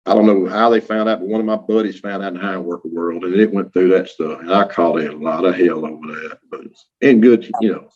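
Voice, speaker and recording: Low and slightly dark in tone, this Louisiana man's Southern-accented voice runs a little fast. He's a guest in an interview, casually telling stories, imitating what others said and laughing a lot, and the recording sounds dull and lo-fi.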